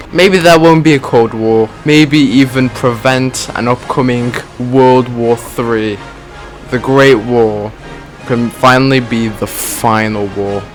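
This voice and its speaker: Man, mid-pitched voice, slangy, joking gameplay commentary, soft music under it. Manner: joking, slangy, says "dude" a lot. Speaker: gaming video creator.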